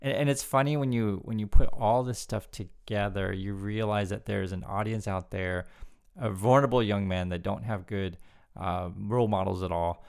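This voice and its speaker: Guy with a gravelly voice, chatty laid-back commentary, keeps repeating words. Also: fairly low pitch. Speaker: news commentary YouTuber. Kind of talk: casual commentary.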